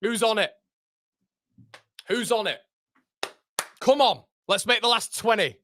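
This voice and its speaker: A young man reacting live to a football match for his fan channel, swinging from groans to excited shouts. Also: high voice, slow pace, a little hiss or hum.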